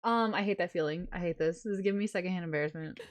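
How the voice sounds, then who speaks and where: A woman in casual chat, reacting with excited disbelief and some swearing. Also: lowish voice, racing.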